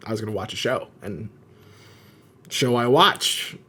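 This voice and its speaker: A young adult man co-hosting a church podcast, chatting casually, candid and joking with animated asides. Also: lowish voice, a little slow, slightly rough. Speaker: podcast co-host and worship leader.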